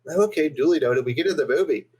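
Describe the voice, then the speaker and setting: A man's voice: fairly high pitch, animated, quick pace, darkish tone, slightly rough, poor audio. A man co-hosting a podcast, telling an exasperated story in casual chat. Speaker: podcast co-host.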